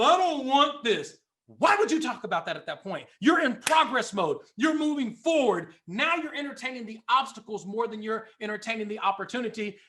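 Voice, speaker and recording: High bright animated male motivational speaker. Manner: animated, swings from calm talk to sudden shouting; acts out anxious inner voices with high panicked shouts. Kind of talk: motivational sales training talk.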